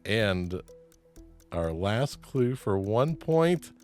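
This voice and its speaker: A man's voice: lowish voice, big pitch swings, extremely slow. A man runs a trivia game show, reading out clues and teasing the contestants with easy laughter. His voice moves a lot, rising and dipping as he talks. Faint music plays in the background. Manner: playful, laughs often, jokes with players.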